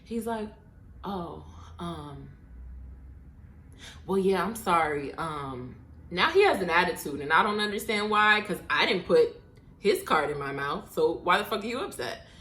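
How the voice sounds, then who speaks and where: Animated woman telling a story, bright tone. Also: mid-range voice, moderate pace. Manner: animated, swearing, mock-exasperated asides. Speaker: podcast host. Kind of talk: casual storytelling monologue. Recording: echoey room.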